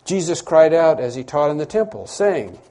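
A man preaching a sermon as pastor, emphatic, repeating phrases and rising to loud stresses. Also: fairly high pitch, very animated, moderate pace.

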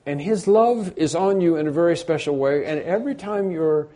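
A man preaching an unscripted sermon, often restarting his sentences and rising and growing louder on his emphatic points. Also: a little high, moderate pace. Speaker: pastor.

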